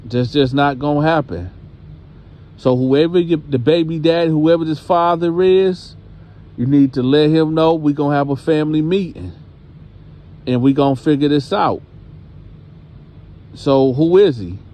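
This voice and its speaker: A man's voice: a little high, a little slow, long pauses, warm tone, voice pushed up, close to an everyday voice. A man voicing a strict, churchgoing grandmother who scolds and demands answers from her granddaughter. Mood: stern. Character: stern churchgoing grandmother raising a teenage girl.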